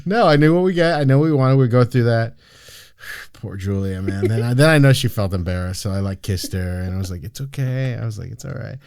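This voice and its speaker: A man's voice: medium pitch, animated, a little fast, darkish tone, clean tone, no echo, clean studio sound. A man hosting a casual podcast, joking and cursing as he tells everyday stories. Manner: joking, profane, storytelling with laughs. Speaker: podcast host.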